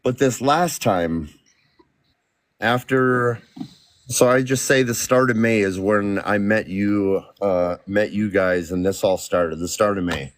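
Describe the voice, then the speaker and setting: A man in his forties speaking candidly in a casual podcast chat, often breaking off and restarting his words. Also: lowish voice. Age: 40s. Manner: candid, halting, restarts mid-word when emotional. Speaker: podcast guest.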